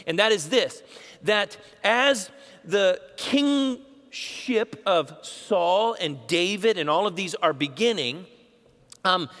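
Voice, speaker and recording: A man's voice: high-pitched, a bit bright, in a large hall. A man, a pastor, preaching a sermon in a casual storytelling way, acting out bits of dialogue.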